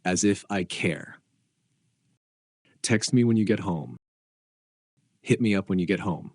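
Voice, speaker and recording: A man reading short English practice phrases one by one, with an even, deliberate delivery. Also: deep voice, no room sound, studio quality. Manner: slow, evenly spaced, deliberate delivery.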